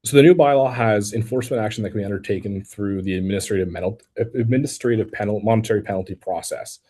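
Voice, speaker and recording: Low, dark-voiced man explaining a bylaw. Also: quick pace. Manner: careful, technical, with frequent restarts and "um"s. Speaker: city staff member answering public questions. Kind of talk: explanatory answers at an online public meeting.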